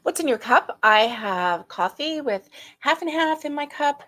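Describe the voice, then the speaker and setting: A middle-aged woman hosting a casual live stream, greeting viewers by name, chatty and quick to laugh, her throat a little strained. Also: high voice, lively intonation, pushed and bright. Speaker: livestream host.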